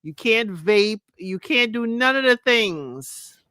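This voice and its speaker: A co-host in a casual live podcast chat, retelling stories in an emphatic, drawn-out way. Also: medium pitch, animated, bright, forceful tone, smooth, no room sound, studio quality.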